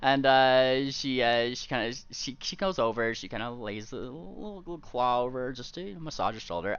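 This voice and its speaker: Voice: medium pitch, moderate pace, few pauses, a bit bright, smooth, muffled recording. A game master narrating a tabletop game who laughs often and stumbles over restarts.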